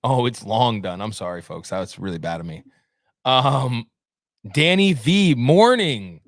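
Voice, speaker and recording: A man's voice: on the low side, moderate pace, dry recording. Guy hosting a live sports show solo, rambling and chatty, dry close sound. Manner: rambling, chatty, reads viewer comments aloud. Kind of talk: casual livestream chat.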